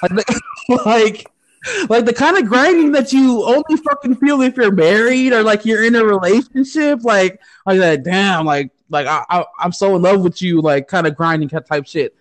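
A woman's voice: mid-range voice, normal speed. A woman from the United States co-hosting a podcast, telling a story in casual chat, profane and often laughing. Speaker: podcast co-host.

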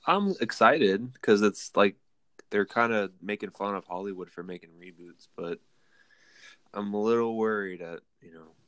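A man's voice: lowish voice, normal speed, fairly bright tone, no room sound. A man joking around in a laid-back way as a podcast guest. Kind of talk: casual chat.

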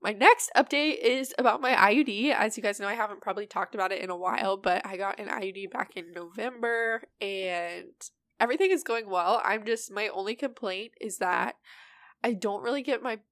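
A woman's voice: medium pitch, brisk, fairly bright tone, dry recording. A young woman co-hosting a podcast, her nose stuffy from allergies. She chats openly and easily. The voice is close and dry, with no room sound around it. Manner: chatty, candid, laughs often. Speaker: podcast co-host. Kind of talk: casual chat.

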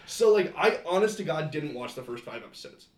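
A man co-hosting a podcast, chatting casually with animated, sarcastic asides. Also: a little high, brisk. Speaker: podcast co-host. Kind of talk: casual chat reviewing a reality show. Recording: echoey room with faint noise.

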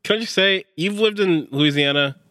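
A man's voice: sits high, normal speed, pushed and bright, dry recording, clean studio sound. A man hosting a podcast in casual chat, teasing his co-hosts and laughing often. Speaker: podcast host.

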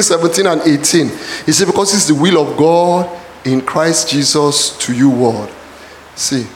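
High-voiced pastor preaching. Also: male voice, a little hiss or hum. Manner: preaching with shouted calls to the congregation. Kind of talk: sermon. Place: church hall. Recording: echoey church hall.

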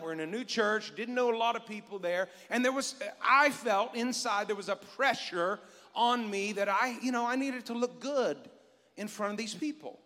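A middle-aged man preaching a sermon as pastor, animated and joking with his congregation. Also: sits high. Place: church sanctuary. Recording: long reverb of a church hall.

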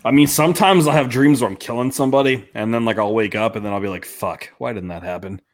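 A man's voice: medium pitch, fast. A man co-hosting a horror podcast in casual chat, reacting with laid-back jokes. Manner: laid-back, joking interjections. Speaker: podcast co-host.

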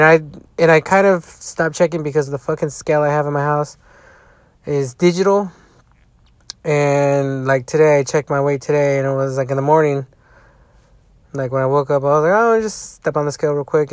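Man, casual rant, rambling, constant swearing, fairly high voice, dry close sound. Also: clean tone, dry recording. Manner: rambling, heavy swearing, frequent restarts. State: tired, yawning. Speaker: sports fan vlogger.

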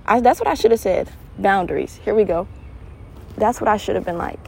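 A young adult woman hosting a podcast alone, telling stories with animated laughter and turning earnest when giving advice. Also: mid-range voice, brisk, vocal fry, breathy edge, poor audio. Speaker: podcast host. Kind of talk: casual solo monologue.

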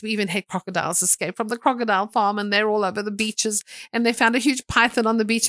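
A woman's voice: medium pitch, brisk, fairly bright tone, no room sound, studio quality. A woman preaching a sermon, emphatic and repetitive, with sudden dramatic bursts.

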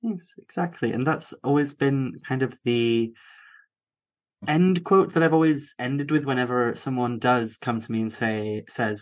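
A man's voice: mid-range voice, moderate pace. A man hosting a podcast, talking casually and agreeably, quoting people with rising emphasis. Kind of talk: casual conversation.

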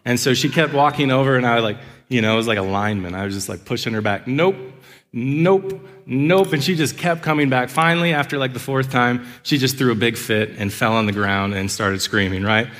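Male pastor, 30s, mid-pitched, earnest preaching with humorous asides, church hall reverb. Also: fast, few pauses, a bit bright. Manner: earnest, with acted asides and laughs. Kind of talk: sermon. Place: church sanctuary. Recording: long reverb of a large hall.

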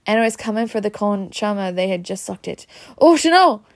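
A woman reading a children's story aloud in a steady way. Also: mid-range voice, fairly quick, gravelly. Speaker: reader.

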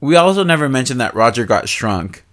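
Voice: medium pitch, big pitch swings, fairly quick, fairly bright tone. A podcast co-host in casual recap chat, throwing in wry, sarcastic asides.

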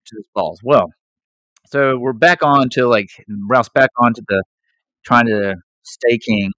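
A man co-hosting a casual movie chat, animated, acting out quotes from the film. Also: mid-range voice, measured pace, no room sound, low-quality recording. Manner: animated, acts out quotes in a raised voice. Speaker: podcast co-host.

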